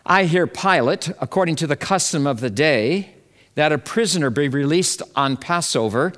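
A man preaching a Good Friday sermon in a slow, measured, reflective way. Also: fairly high pitch, expressive, a bit bright. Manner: slow, measured and reflective, acting out quoted voices. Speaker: pastor.

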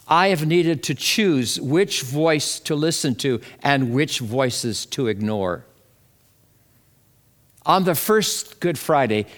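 Male pastor, higher-pitched, slow measured sermon delivery. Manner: slow, measured and reflective, acting out quoted voices. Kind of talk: Good Friday sermon.

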